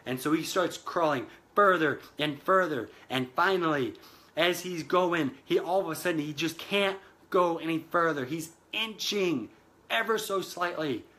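A man's voice: fairly high pitch, unhurried, bright, forceful tone. A man giving an earnest motivational talk, retelling a film scene, calling his listeners guys and repeating phrases for emphasis. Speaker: motivational speaker.

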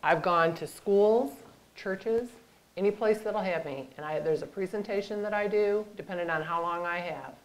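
A middle-aged woman giving an emotional personal testimony as a guest speaker, halting at times and dropping to a hush. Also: mid-range voice, low-quality recording. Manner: emotional, halting, with hushed whispered moments. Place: lecture room.

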